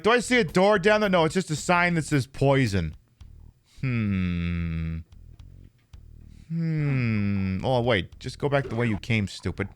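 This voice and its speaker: A man talks over his live game stream in a rather high voice. His pitch leaps up and drops back down as he jokes and curses at the monsters, with faint music underneath. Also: clear, resonant tone. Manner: animated, jokey, swears at the game enemies. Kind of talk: live-streamed gameplay chat.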